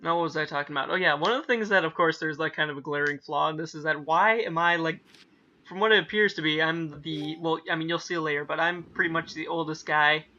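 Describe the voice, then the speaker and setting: A young man who plays let's-plays rambles casually over his gameplay, often correcting himself mid-sentence and reading game dialogue aloud in playful voices. His voice is on the high side, sharp and steady, at a quick pace. The lo-fi mic sounds dull, and faint game music plays underneath.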